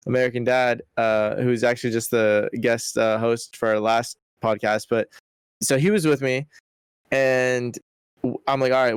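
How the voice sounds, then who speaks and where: A young man co-hosting a podcast, telling a story in casual, animated, profane chat full of "bro" and "like". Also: medium pitch, clear, resonant tone, no room sound, clean studio sound. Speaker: podcast co-host.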